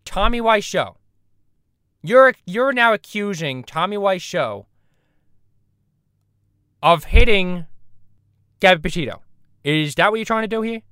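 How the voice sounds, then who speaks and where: A man's voice: high voice, expressive, measured pace, long pauses, sharp tone, clean tone, dry recording, studio quality. A man hosting an improvised comedy chat, talking in a rambling, crude way with lots of restarts. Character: host calling himself a cartoon baby. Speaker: host.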